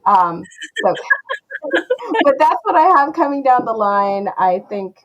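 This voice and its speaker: Lively self-deprecating woman author. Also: a little high, a little slow, highs cut off. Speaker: guest author. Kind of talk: casual interview chat.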